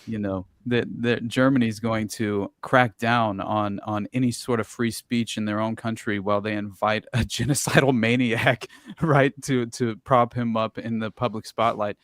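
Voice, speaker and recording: Low-voiced sardonic podcast co-host man. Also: fairly even intonation, normal speed, fairly bright tone, no room sound, clean studio sound. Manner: sardonic, profane, hesitant fillers. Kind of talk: casual chat.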